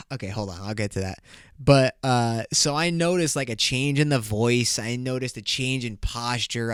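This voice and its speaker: A podcast host with a mid-range, slightly bright, clear and resonant voice tells a story in loose, profane, casual talk, laughing often. The recording is clean studio sound with no room noise.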